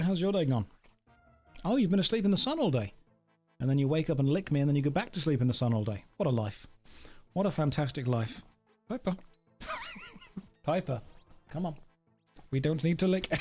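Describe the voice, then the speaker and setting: A man's voice: fairly high pitch, wildly swooping pitch, normal speed, long pauses, a little mellow, soft background music. A man chatting casually and jokingly on a game livestream, talking to his dog and to viewers. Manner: chatty, jokey, talks to his dog and chat. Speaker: streamer. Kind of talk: casual livestream chat while gaming.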